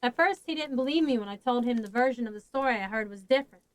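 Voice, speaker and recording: A woman's voice: a little high, quick pace, lightly acted, poor audio. A woman voicing a weary, blunt grown man in a storybook reading, talking plainly.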